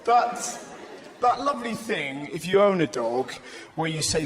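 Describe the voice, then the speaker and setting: A man doing stand-up comedy, brash and swearing, with shouted put-on voices. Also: on the high side, lively intonation, a little slow. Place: large live venue. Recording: roomy live recording with audience noise.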